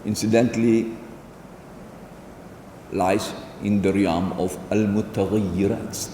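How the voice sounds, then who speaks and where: A man delivers a formal public lecture at a measured, deliberate pace. His voice is mellow and dark. It rings out in an echoey hall with a long reverb, and faint ambience sits behind it. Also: on the low side, fairly even intonation, slight background noise. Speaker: lecture speaker.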